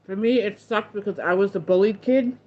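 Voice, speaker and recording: A woman's voice: medium pitch, a little fast, darkish tone. A woman hosting a casual chat with viewers, telling a story in a rambling way with many restarts. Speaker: host. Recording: dull lo-fi sound.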